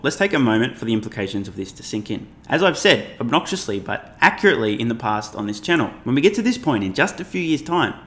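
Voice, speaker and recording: A man's voice: medium pitch, sing-song, fast talker, few pauses, a bit bright. A man hosting his channel, talking through presentation slides with emphatic, profane commentary and laughing at his own jokes. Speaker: finance YouTuber.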